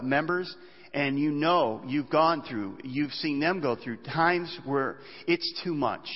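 Animated preaching man in a big hall. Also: medium pitch. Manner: animated preaching, acts out cries of despair. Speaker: pastor. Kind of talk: sermon. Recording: dull sound, long reverb of a large hall.

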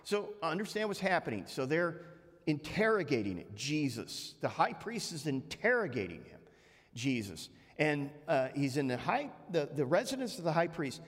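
A man's voice: fairly high pitch, very animated, moderate pace. Man preaching in a reverberant church. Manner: retells scripture conversationally with frequent restarts. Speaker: pastor. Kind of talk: sermon. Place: church sanctuary. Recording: long church hall reverb.

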